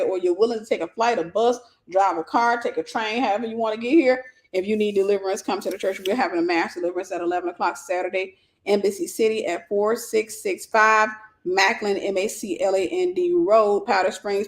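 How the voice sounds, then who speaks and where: A middle-aged woman, preaching a livestreamed sermon with lively quoted voices and repetition. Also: mid-range voice. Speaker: pastor and teacher.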